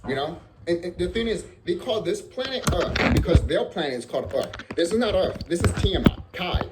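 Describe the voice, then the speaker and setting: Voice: medium pitch, lively intonation, brisk. A vlogger delivering a profane, emphatic ranting monologue and repeating phrases for emphasis. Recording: clear background noise.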